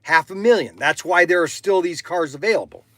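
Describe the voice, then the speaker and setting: A middle-aged man hosting a livestream from his toy shop, chatting casually in a loud voice that keeps repeating itself and is full of "okay"s. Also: high voice, fairly quick, no room sound. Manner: loud, repetitive, peppers talk with "okay".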